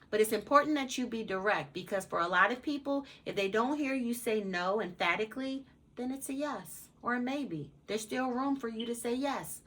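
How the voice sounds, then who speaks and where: A woman's voice: a little high, a bit bright. A woman hosting an advice channel, giving a casual motivational talk in a blunt, emphatic way, swearing freely and repeating her points for emphasis.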